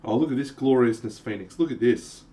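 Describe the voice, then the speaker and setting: An Australian streamer with a brisk, dark-toned, mid-range voice chats casually on a livestream while painting miniatures, occasionally swearing and answering viewers by name.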